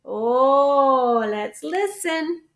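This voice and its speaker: A woman hosting storytime, reading a picture book aloud to children in an animated, coaxing way with gasps and exclamations. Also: high-pitched, extremely slow, roomy sound, a little hiss or hum. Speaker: storytime host.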